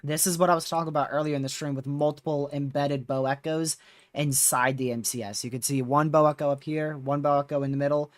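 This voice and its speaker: A man's voice: a little high, steady tone, quick pace, dry recording. A man hosting a live severe-weather stream, talking casually with viewers while reading radar, his voice starting to wear out. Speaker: livestream host.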